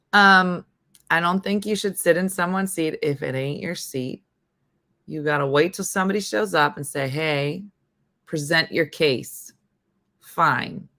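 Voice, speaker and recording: Middle-aged woman host, low voice with a bright edge, loose and chatty on a live stream. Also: creaky. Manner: chatty, reacting to viewer comments. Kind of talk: casual live-stream chat.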